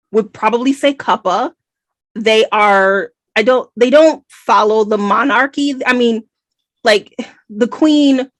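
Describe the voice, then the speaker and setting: An American woman co-hosting a book podcast, talking in an emphatic, animated way. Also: mid-range voice, no echo. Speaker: podcast co-host. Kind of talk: casual book review chat.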